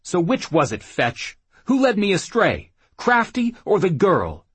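A man's voice: high-pitched, huge pitch swings, a little slow, a bit bright, slightly rough, dry recording, pitched above the performer's own voice, exaggerated voice. A man voicing a hot-tempered male outlaw gang leader in an audiobook, speaking raised and through clenched teeth. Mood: angry.

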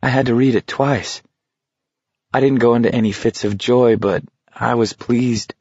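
A man's voice: medium pitch, steady tone, normal speed, breathy edge, no room sound, dull audio. A man reading a frightened teenage boy on a grueling walk, his panic breaking through as he speaks. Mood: bitter reminiscing. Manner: panicky, rising to shouts.

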